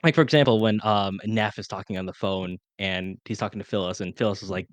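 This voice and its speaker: Young guy podcast host, talks fast and rambly, lots of ums, dry close mic. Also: on the low side, clear, resonant tone, no echo. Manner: fast, rambling with many fillers. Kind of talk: casual film-review chat.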